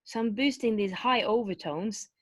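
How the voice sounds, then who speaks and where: A woman's voice: medium pitch, moderate pace, no echo. A woman vocal coach explaining vocal technique in a webinar, talking loosely with many fillers and restarts. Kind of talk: webinar teaching with sung demonstrations.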